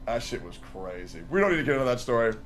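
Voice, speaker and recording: A man's voice: mid-range voice, big pitch swings, rapid-fire, a little hiss or hum. A man chatting casually with a friend, reminiscing and joking about old times. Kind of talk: casual chat.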